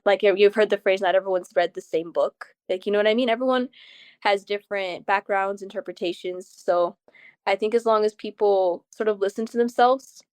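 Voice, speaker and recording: A young adult woman, a guest's daughter, chatting casually in an interview with lively, animated storytelling. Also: mid-range voice, no room sound.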